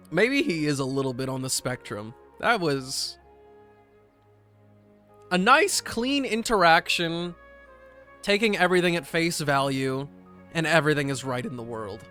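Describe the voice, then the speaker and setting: A man's voice: fairly high pitch, animated, measured pace, long pauses, pushed and bright, soft background music. A man streaming a game and chatting casually, a rambling, self-deprecating overthinker. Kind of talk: casual gaming stream chat.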